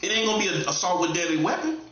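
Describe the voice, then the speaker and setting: Very animated and racing along, a man plays a self-styled prophet in a casual street-talk monologue. Bluntly emphatic, he repeats phrases and alternates loud high bursts with low muttering. The recording is echoey, dull and lo-fi.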